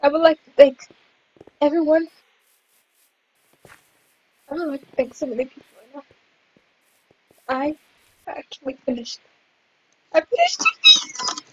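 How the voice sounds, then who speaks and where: A woman hosting her own gaming channel talks through her play in a high, soft-toned voice. She is excitable and slips into humming chants between comments, never rushing. The recording sounds dull and lo-fi, with a faint hiss under it. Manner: excitable, hums and chants while playing. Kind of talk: casual gameplay commentary.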